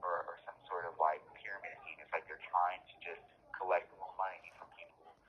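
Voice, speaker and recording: A man's voice: low-pitched, little pitch movement, brisk. A man held in jail, talking earnestly and emphatically in an interview, often repeating and restarting his phrases. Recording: muffled phone line with faint hiss.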